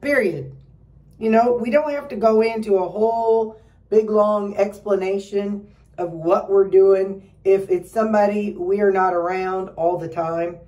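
A woman's voice: fairly even intonation, a little slow, dark tone, far from the mic, lo-fi sound. A middle-aged woman giving a rambling, casual pep talk to her viewers, full of fillers and restarts. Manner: acts out quoted relatives in a higher voice. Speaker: weight-loss vlogger.

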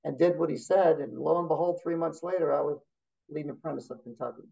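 Gravelly, husky man telling blunt stories. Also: a little high, fast talker, dark tone, highs cut off. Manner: blunt, storytelling, competitive. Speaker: therapist guest. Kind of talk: casual interview chat.

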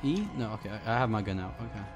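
A man's voice: on the low side, rapid-fire, over music. A young man commentating a horror game, easily scared and yelping when startled. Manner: jumpy, yelps and shouts when scared. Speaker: gamer playing a horror game. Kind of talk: casual let's play commentary.

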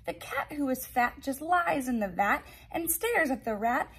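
A woman, a teacher, reading a children's picture book aloud in a sing-song, expressive way. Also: sits high, a little slow, breathy edge.

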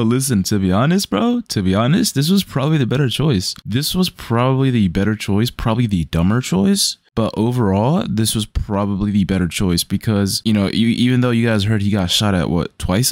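Young male reactor, low voice, dry close sound, loose slangy rambling. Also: darkish tone, no echo. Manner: rambling, profane slang, frequent "bro". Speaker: reaction channel host. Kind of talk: casual reaction commentary.

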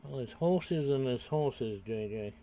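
Unhurried yet animated, an older British streamer speaks with a dark, medium-pitched voice amid slight background noise. He plays a game while casually chatting to viewers and rambling to himself.

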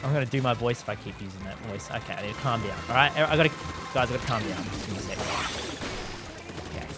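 A live game streamer giving excitable commentary while playing, laughing and taunting opponents and chatting with viewers. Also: mid-range voice, fast. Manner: chats with viewers and thanks them. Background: game music.

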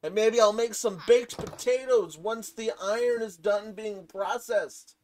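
A woman giving casual gameplay commentary, rambling from low mumbles to excited shrieks and talking to the game's items. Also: a little slow, a little hiss or hum. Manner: talks to game items, swears casually. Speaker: gaming channel host.

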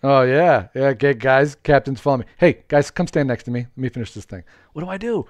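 An excitable man commentating a live game stream, calling out to viewers and laughing between tasks. His voice sits at a middle pitch and sounds close and dry, with keyboard typing in the background. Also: a little fast, hardly any pauses, no echo.

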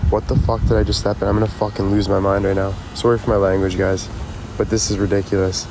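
Male streamer, low voice, rambling and profane, recorded on a phone outside with loud street noise. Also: fast talker. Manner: profane, excitable, talks to chat. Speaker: livestreamer. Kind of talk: casual live stream chat. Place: outdoors near a road.

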